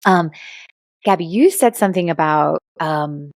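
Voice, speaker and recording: A Cuban-American woman, a guest on a podcast, chatting casually and telling animated stories with plenty of fillers. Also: deep voice, measured pace, dry recording. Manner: animated storyteller, many fillers. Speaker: guest, intuitive reader and author.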